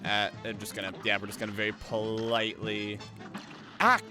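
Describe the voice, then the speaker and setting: A man streaming a video game live, thanking viewers and talking through his tactics, with frequent swearing and excited outbursts. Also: fairly low pitch, moderate pace, music in the background. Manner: excitable, swears often, thinks aloud about tactics. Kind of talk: live gameplay commentary.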